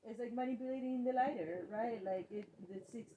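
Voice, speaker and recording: A woman talking with her husband during an argument on a vlog, halting and full of fillers. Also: fairly high pitch, dull audio. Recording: noisy background.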